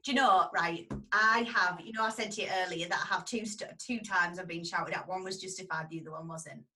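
A woman tells a story in a casual, lively way and acts out the people in it. Her voice is bright and forward, and she sits a little away from the microphone. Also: fairly low pitch, fairly quick, recorded from a distance, low-quality recording. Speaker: dog groomer telling a story.

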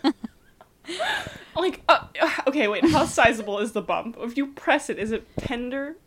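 A young woman co-hosting a podcast, chatting casually with a friend. Her voice sits fairly high and swoops about with lively energy. She laughs often and swears freely. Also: normal speed. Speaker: podcast co-host. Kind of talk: casual chat.

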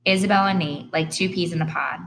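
A woman's voice: fairly low pitch, fairly even intonation, brisk, vocal fry, noisy background. A woman narrating an audiobook in the first person with earnest, plain storytelling.

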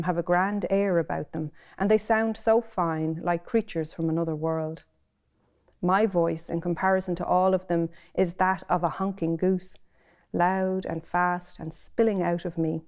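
A woman's voice: on the low side, a little mellow. A middle-aged woman with an Irish accent, reading her own prose expressively and then talking about it in an interview. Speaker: author.

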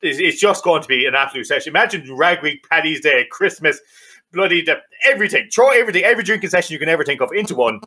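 A boisterous Irish man talking in loose, rowdy banter as a podcast co-host. His voice is bright and forceful, and he swears and laughs freely. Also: on the high side, animated, fast talker, slightly rough. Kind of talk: casual banter.

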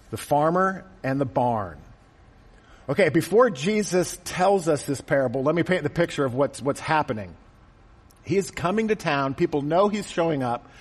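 A man's voice: fairly high pitch, husky, long reverb tail. A man preaching a conversational, joking sermon to a congregation in a church. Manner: conversational and joking, acts out quotes. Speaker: pastor. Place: church auditorium.

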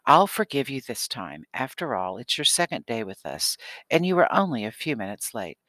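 A strict, formal schoolteacher who speaks in measured, proper sentences, voiced by a man in an audiobook. The delivery is bright and forceful, with a dry, close sound. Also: medium pitch, big pitch swings, dry recording. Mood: stern. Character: stern, formal woman schoolteacher. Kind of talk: audiobook character reading.

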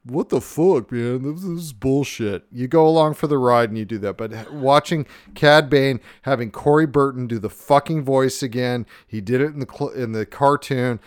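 A man hosting a podcast, ranting in a casual, profane and excitable way. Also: medium pitch, moderate pace, hardly any pauses, clear, resonant tone, dry recording, clean studio sound. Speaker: podcast host.

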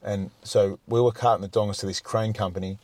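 A man tells a long, rambling story as a guest on a talk show. His voice sits fairly low. He swears freely and restarts his sentences often, all recorded close and dry. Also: steady tone, fairly quick, a little mellow, dry recording. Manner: rambling, profane, frequent restarts. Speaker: podcast guest. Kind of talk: casual storytelling.

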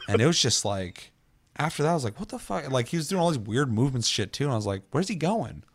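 A man's voice: mid-range voice, animated, fast. A young man, a streamer, telling a gaming story in casual chat, swearing a lot and acting out other players' lines.

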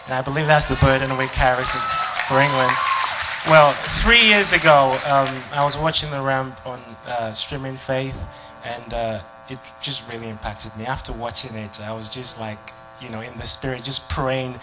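A young man gives his testimony in earnest at a church conference. Soft worship music plays clearly under his voice. The sound is dull and lo-fi. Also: medium pitch, fairly even intonation, moderate pace. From Nigeria. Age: young adult. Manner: earnest, heartfelt, building in intensity. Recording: lo-fi video with music behind.

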